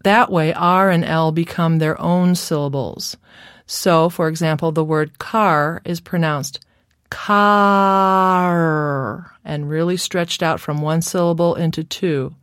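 A woman's voice: deep voice, steady tone, no room sound, clean studio sound. A woman lecturing on speech therapy in a careful, scripted instructional narration. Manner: slow, careful, demonstrates sounds.

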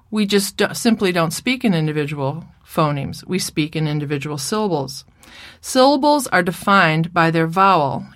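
Measured woman lecturing on speech therapy. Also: on the low side, fairly bright tone, no echo, clean studio sound. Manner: clear, measured teaching voice with playful child and mother impressions. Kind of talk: recorded lecture presentation.

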